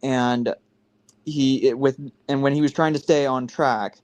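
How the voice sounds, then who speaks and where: A man's voice: mid-range voice, steady tone, a little slow, darkish tone. A man in his twenties talks on a casual live stream over a video call. He rambles earnestly, circling back and restarting his sentences as he explains himself. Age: 20s.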